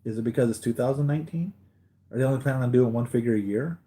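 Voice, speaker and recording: A man's voice: medium pitch, very fast, mellow. A man hosting a live collectibles stream, chatting casually with viewers, tired after a sleepless night and rambling with many restarts.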